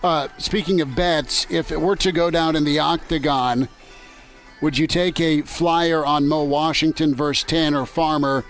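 A man's voice: a little high, steady tone, unhurried, soft background music. A man hosting sports talk radio from a ballpark, bantering in a loose, joking way. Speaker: radio show host. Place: outdoors at a ballpark.

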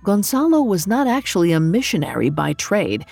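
A woman narrating a scripted story in a measured, dramatic way. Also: on the low side, sing-song, vocal fry, a little mellow, breathy edge, soft background music. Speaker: podcast narrator.

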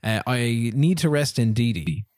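A man's voice: medium pitch, animated, a little slow, a little mellow, dry recording. Rambling man on a dry mic. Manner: rambling storyteller, laughs often, acts out dialogue. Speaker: podcast co-host. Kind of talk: casual chat about a football video game.

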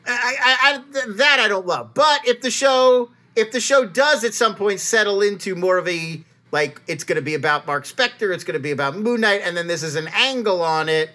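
A man co-hosting a podcast, explaining at length in an animated, rambling way full of restarts. His voice is bright and ringing, and he talks casually. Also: high voice. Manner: fast, animated, many restarts. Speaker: podcast co-host. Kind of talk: casual chat.

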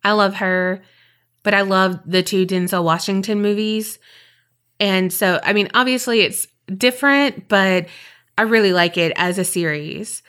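A woman's voice: medium pitch, a little slow, a bit bright, clean tone. A woman with a Southern US accent, co-hosting a podcast with rambling, chatty talk and then telling a story. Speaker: podcast co-host. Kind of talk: casual chat and storytelling.

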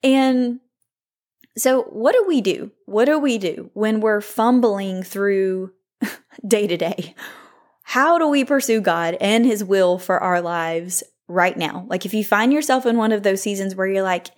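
A woman's voice: mid-range voice, a little slow. A woman in her thirties hosting a faith-based podcast, talking in a candid, reflective way with frequent "like" fillers. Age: 30s. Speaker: podcast host.

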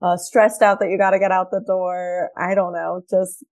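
A woman's voice: lowish voice, little pitch movement, normal speed, a little mellow. A woman in her thirties, a therapist and podcast guest, speaking earnestly and emphatically and repeating her key points. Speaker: guest, behavioral health therapist. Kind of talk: conversational podcast interview.

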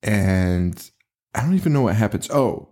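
A man with a lowish, very animated voice co-hosts a horror podcast, recapping a movie in casual conversation. He talks a little slowly with a slightly mellow sound, laughing often and swearing in disbelief.

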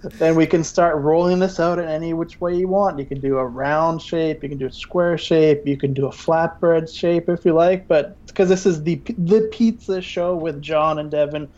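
A man's voice: a little high, steady tone, moderate pace, a little mellow, lo-fi sound. Playful man in a mock cooking demo. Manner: playful, hesitant with many fillers. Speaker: podcast guest. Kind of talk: mock cooking-show demonstration.

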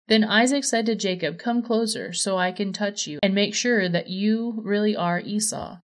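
A woman reading a Bible passage aloud with a steady, even storytelling delivery. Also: medium pitch, moderate pace. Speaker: scripture reader. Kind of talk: scripture reading.

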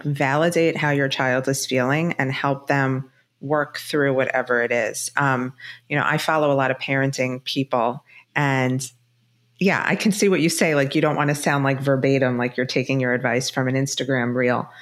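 Low-voiced woman, animated storyteller. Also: normal speed. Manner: animated storyteller, filler-heavy. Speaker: guest, divorce specialist and author. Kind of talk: casual podcast conversation.

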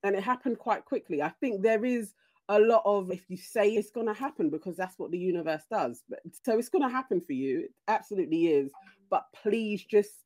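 A woman's voice: medium pitch, animated, fairly quick, a little mellow. A British woman hosting a panel chat, giving earnest, encouraging advice.

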